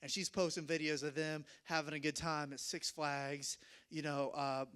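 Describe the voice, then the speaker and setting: A young man telling a self-mocking story to an audience, animated and laughing often. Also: on the high side, normal speed, smooth.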